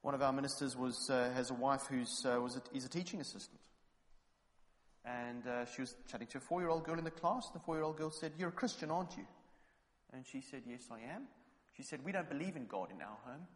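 A man from England preaching a sermon, telling anecdotes and building up to loud, fervent exhortation. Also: medium pitch, a little fast, big-room sound.

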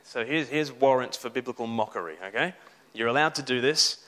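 A man preaching a sermon, animated, with mocking asides. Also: medium pitch, brisk.

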